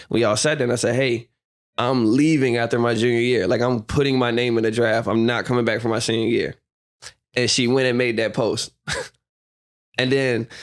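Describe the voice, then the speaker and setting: A young man telling stories as a guest on a podcast interview, laughing often and acting out what people said. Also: medium pitch. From United States. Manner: animated storyteller, acts out quotes, laughs often. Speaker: guest, professional basketball player. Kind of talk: casual storytelling interview.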